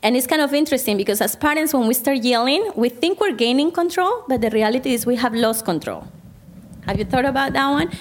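Higher-voiced woman therapist teaching a group. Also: expressive, a little fast. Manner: conversational, asks the audience questions. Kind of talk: Christian counseling talk to a group.

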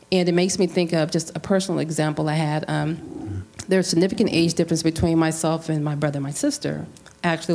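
A woman's voice: low voice, darkish tone. A woman from Central California earnestly telling a family story in a casual discussion, with restarts and quoted dialogue.

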